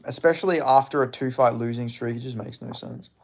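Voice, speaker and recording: A young Australian man in a loose, unscripted livestream chat, rambling between thoughts and dropping curse words freely. His voice sits at an ordinary middle pitch for a man. He peppers his talk with fillers and small chuckles. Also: a little fast. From Western Australia. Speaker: MMA commentator reading live chat.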